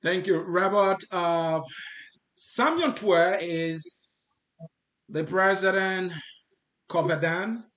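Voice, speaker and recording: Joking host with a raised voice. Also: male voice, high-pitched, drawn-out words, long pauses, a bit bright. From Liberia. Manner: informal, joking asides. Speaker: interview host. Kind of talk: conversational interview hosting.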